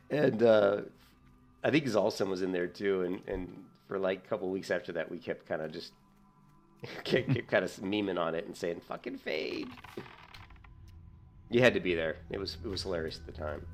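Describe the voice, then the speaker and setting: A man chatting casually while gaming, telling animated stories and jumping up high when he quotes himself. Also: moderate pace. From United States. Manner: storytelling, jumps high when quoting himself. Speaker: gaming streamer.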